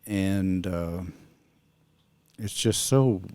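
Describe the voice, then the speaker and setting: Middle-aged man, low and warm, chatty vlogger who wanders off on tangents, dry close sound. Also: extremely slow, smooth, no room sound. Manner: rambling, drifts onto sidetracks. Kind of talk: casual vlog chat.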